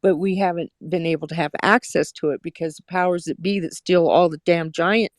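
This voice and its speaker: A woman's voice: on the low side, steady tone, fairly quick, no room sound, clean studio sound. Rambling blunt woman. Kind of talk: casual discussion.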